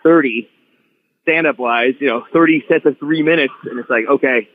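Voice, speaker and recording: A man guest on a podcast, telling stories in an animated, restart-filled way over a phone-like line. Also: mid-range voice, normal speed, a little hiss or hum. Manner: animated storyteller, many restarts. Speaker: guest wrestler. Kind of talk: casual podcast chat.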